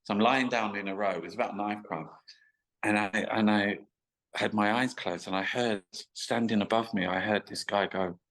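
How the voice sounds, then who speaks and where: A man with a low-pitched voice, talking as a guest in a casual interview. He spins long, rambling stories, full of swearing and restarts. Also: normal speed, a bit bright, low-quality recording. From England. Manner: rambling, sweary, stop-start anecdotes. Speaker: guest artist.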